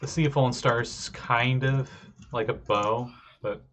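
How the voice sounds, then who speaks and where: A man's voice: mid-range voice, fairly even intonation, measured pace, fairly bright tone, a little hiss or hum. A man running a tabletop game, explaining lore casually from his notes and correcting himself as he goes. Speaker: game master.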